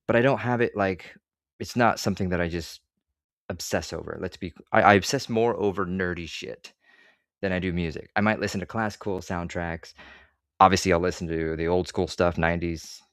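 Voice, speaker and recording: A man's voice: low voice, fairly even intonation, brisk, a bit bright, no room sound, clean studio sound. A man ranting to camera as an online commentator, swearing freely and sarcastic, with rambling asides. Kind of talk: profane opinion rant to camera.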